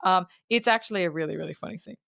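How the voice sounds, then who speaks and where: A woman's voice: lowish voice, rapid-fire, vocal fry, dry recording, studio quality. A woman co-hosting a podcast, casually recapping a film scene by scene, acting out the characters' lines and swearing freely. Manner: animated storyteller who acts out quotes and swears freely. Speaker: podcast co-host.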